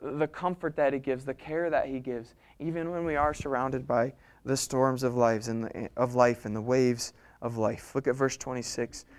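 A man preaching a sermon, telling the story with animated swings between soft, intimate passages and loud, urgent ones. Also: medium pitch, normal speed, few pauses. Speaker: pastor.

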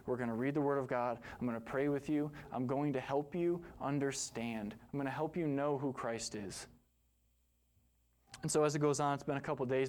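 A man's voice: medium pitch, darkish tone. A man preaching a sermon, telling a story earnestly and rising to impassioned emphasis before leading a prayer. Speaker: pastor.

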